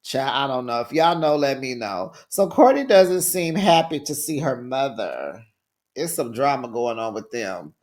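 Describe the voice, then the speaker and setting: A man's voice: mid-range voice, sing-song, measured pace. A man hosting a casual reality TV recap. He talks in a sassy, chatty way, laughs often and calls his listeners child and honey.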